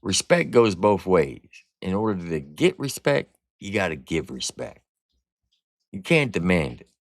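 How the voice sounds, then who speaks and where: A deep-voiced man reviews an album live for his chat, unhurried and swooping up and down in pitch as he reacts. His talk is blunt, slangy and profane, and the sound is dry and close with no room around it. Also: big pitch swings, dry recording. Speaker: music reviewer and streamer host. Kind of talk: casual livestream album review.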